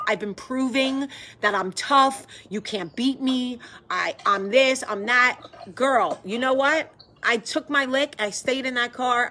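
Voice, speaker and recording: Bright-voiced chatty woman. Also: on the high side, a little hiss or hum. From American South. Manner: warm, effusive and chatty. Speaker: host. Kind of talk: casual live video chat with viewers.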